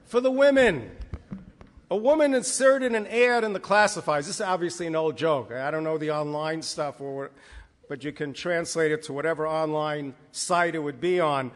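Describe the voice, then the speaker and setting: A rabbi teaches a Torah class in a synagogue hall, mixing jokes into his lesson. He speaks in a high voice and tells his stories in a lively, emphatic way. His voice carries the long reverb of a large hall. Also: normal speed.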